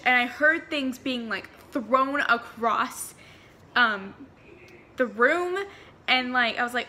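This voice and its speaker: A woman's voice: fairly high pitch, a little slow, pushed and bright, slight background noise. A young woman chatting through a paranormal storytime vlog, rambling and full of fillers. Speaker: vlogger.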